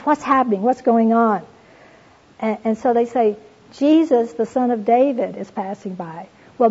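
A woman gives a devotional teaching talk from the Bible, earnestly storytelling, reading passages aloud and addressing listeners as "you all". Her voice is a little high with a darkish tone, and the recording is dull and lo-fi.

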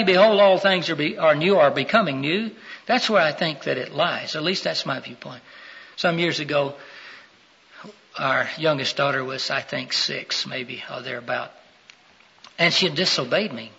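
A middle-aged man preaching a sermon, questioning his listeners and rising to loud, emphatic peaks. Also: fairly high pitch, moderate pace, gravelly, slightly rough. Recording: dull lo-fi sound.

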